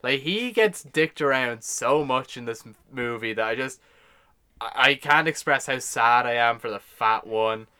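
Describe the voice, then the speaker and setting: Podcast co-host, man, bright clear voice, reads through notes, laughs a lot. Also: mid-range voice, a little slow. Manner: laughs often, goes through his notes one by one. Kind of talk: casual chat reading out film notes.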